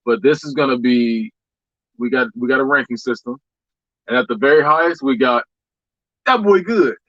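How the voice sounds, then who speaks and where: A man's voice: mid-range voice, steady tone, fairly quick, fairly bright tone, no echo, dull audio. A man hosting a casual podcast, loose and joking, laughing often. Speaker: podcast host.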